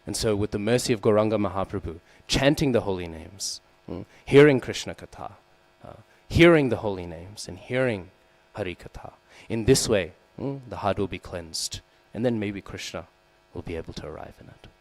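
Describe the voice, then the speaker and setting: Male class speaker, deep-pitched, preaching in a temple hall with light electrical hum behind. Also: animated, normal speed, hardly any pauses. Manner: frequent "hmm?" and "right?" checks with listeners; acts out quoted lines with raised voice. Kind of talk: scripture class sermon. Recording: low mains hum behind.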